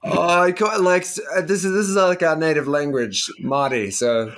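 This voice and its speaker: A man's voice: on the high side, normal speed, fairly bright tone. A man from New Zealand with a New Zealand accent, a guest director talking in a friendly, easygoing way. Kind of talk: casual interview.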